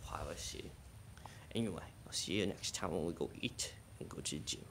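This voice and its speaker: A man's voice: low voice, fairly quick, a bit bright, in a whisper. A man filming a casual vlog at home, chatting to viewers and calling his dogs. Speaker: vlogger. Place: at home, then in a garage. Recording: noisy home video.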